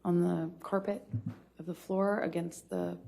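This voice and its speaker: Slow, halting woman giving testimony. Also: lowish voice, steady tone, gravelly, mellow. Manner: halting, with many restarts. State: shaken, voice often dropping low. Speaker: trial witness. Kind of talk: courtroom testimony. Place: courtroom.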